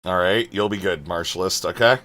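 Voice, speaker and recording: A man's voice: deep voice, a little fast, sharp tone. A male streamer reading out his chat and answering it, exasperated and swearing, trailing off into muttered asides.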